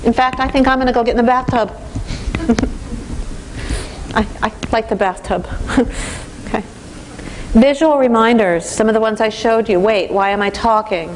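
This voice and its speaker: Animated woman giving a parenting lecture. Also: on the high side, fairly quick, slight background noise. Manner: animated, acts out teen and parent voices. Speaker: parenting trainer. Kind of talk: training lecture.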